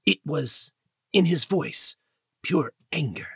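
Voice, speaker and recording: Man doing a quiet, firm husband. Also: fairly high pitch, animated, slow, vocal fry, husky, no room sound, clean studio sound, voice pushed up, heavily acted. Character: resolved husband, a TV host.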